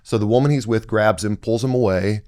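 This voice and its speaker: A man's voice: fairly low pitch, fairly quick, a little mellow, dry recording, clean studio sound. A man speaking as a podcast guest, telling stories in an earnest, emphatic way with frequent restarts. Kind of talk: conversational storytelling.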